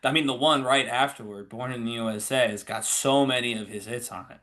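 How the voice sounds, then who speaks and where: A man co-hosting a podcast in casual chat, animated and opinionated, laughing often as he talks. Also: mid-range voice, a little fast. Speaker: podcast co-host.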